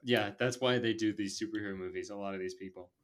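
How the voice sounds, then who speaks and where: A man's voice: lowish voice, steady tone, fast talker. A man co-hosting a casual movie podcast, talking bluntly and laughing often, with casual swearing. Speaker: podcast co-host. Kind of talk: casual chat.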